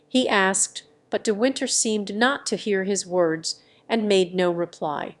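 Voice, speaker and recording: A woman narrating a classic adventure novel as an audiobook, reading in an even, measured way. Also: medium pitch. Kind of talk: scripted narration.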